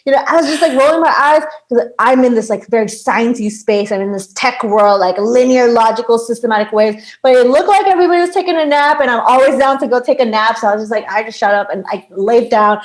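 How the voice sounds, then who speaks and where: A woman's voice: fairly high pitch, quick pace, hardly any pauses, rough recording. Chatty, laughing woman guest in her thirties. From Bangladesh. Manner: chatty, laughs often, lots of "like". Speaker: podcast guest, sound healer. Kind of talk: casual conversation.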